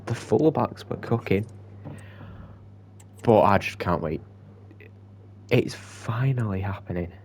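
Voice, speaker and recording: A young man commentating on his own football video game match, moving between quiet muttered asides and excited outbursts. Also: lowish voice, slow pace, long pauses, slightly rough. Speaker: gaming YouTuber. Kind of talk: gameplay commentary.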